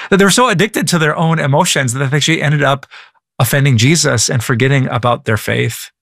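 A man's voice: fairly high pitch, moderate pace, gravelly, a bit bright, dry recording. Stammering casual male pastor, dry sound. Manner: casual, many stammered restarts and repeated words. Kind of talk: prayer and answering a listener question.

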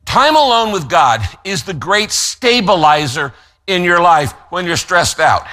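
A man preaching a sermon as pastor, emphatic, slowing down to stress key phrases and telling listeners what to write down. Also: high voice, very animated, pushed and bright. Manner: gives note-taking instructions to listeners.

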